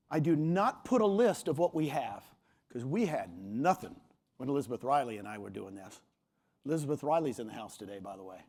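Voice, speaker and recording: A man, a motivational speaker at a real estate conference, giving an energetic stage talk with punchy, emphatic delivery. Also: medium pitch, fairly quick, breathy edge. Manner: punchy and emphatic, often quoting others in a raised voice. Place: large conference hall.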